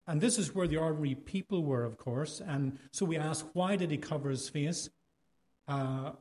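A man's voice: a little high, warm tone. A man with an Irish accent preaching a sermon in a conversational way, asking his listeners rhetorical questions.

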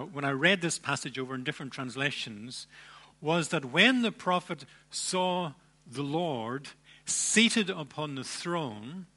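A man preaching a sermon, emphatic, with dramatic pauses and repeated phrases. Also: on the high side, sharp tone. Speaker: pastor.

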